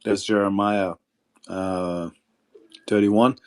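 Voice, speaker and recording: A man's voice: fairly low pitch, little pitch movement, slow, a little mellow. A man hosting a call-in livestream, joking and swearing as he rambles. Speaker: livestream host. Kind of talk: casual call-in stream chat.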